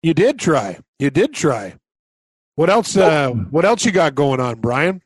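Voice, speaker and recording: A man's voice: fairly high pitch, sing-song, measured pace, breathy edge, no room sound. A man co-hosting a casual sports betting podcast, easygoing, laughing often and ribbing his partner. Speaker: podcast co-host.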